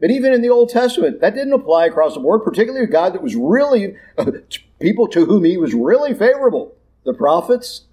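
A man preaching a sermon in a blunt, emphatic, lively way. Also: high-pitched, fast.

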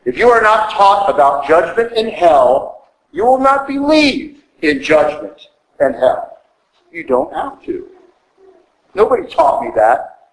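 A man preaching a sermon with emphatic stress, rhetorical questions and quick mocking asides. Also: a little high, huge pitch swings, creaky, roomy sound, rough recording. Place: church.

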